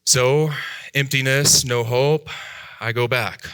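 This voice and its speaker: Animated man telling a harrowing story. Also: moderate pace, no room sound, studio quality. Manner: animated, acts out voices, big pitch jumps and hushed drops. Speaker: speaker telling his life story. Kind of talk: dramatic personal storytelling talk.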